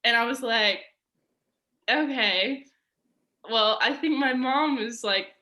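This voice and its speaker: A young adult woman, a podcast guest, telling a personal story in casual chat, animated and peppered with "like". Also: fairly high pitch, takes it slowly. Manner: animated, says "like" a lot, acts out quoted voices.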